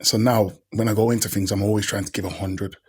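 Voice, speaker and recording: Husky man telling stories. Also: fairly low pitch, quick pace. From Birmingham, England. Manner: animated, slangy storyteller who acts out quoted people. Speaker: podcast guest, actor. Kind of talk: casual interview storytelling.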